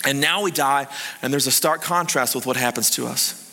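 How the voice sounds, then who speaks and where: A man preaching a sermon, telling a story in an animated way that swings between hushed and excited. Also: medium pitch, normal speed, creaky. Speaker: pastor. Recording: reverberant hall.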